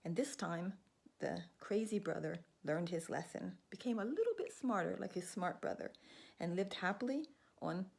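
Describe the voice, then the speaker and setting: A woman telling a folktale aloud in a lively, animated storytelling manner, with a gravelly, husky voice. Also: on the low side, moderate pace.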